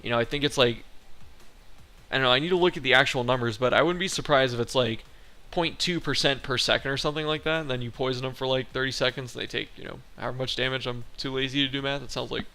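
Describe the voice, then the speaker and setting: A man of middle pitch chats his way through a boss fight as a let's play host, loose, profane and humming along as he plays. Game music runs clearly behind his voice. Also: steady tone, fast, pushed and bright. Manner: chatty and profane, hums along while fighting. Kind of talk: casual gameplay commentary.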